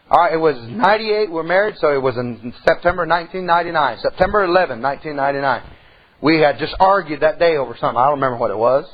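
A middle-aged man preaching a sermon in church, telling a folksy story and swinging from soft to loud. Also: on the high side, slightly rough, muffled recording. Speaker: pastor.

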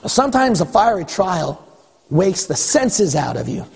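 A man preaching a sermon as pastor, exhorting with wry rhetorical questions and a husky voice. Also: high voice, big pitch swings, a little slow. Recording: long hall reverb.

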